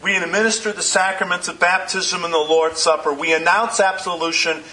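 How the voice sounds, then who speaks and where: A man preaching a sermon as pastor, in measured phrases that slow down for emphasis. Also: sits high, fairly even intonation, bright, forceful tone, poor audio.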